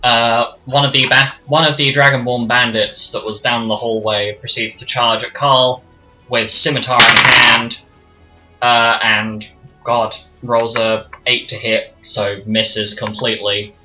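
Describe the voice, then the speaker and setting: Swearing, bright-voiced male game master. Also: medium pitch, little pitch movement, measured pace. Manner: casual, swearing, muttering to himself while managing the map. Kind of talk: narrating a tabletop game on stream. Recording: slightly dull streamed audio with faint music.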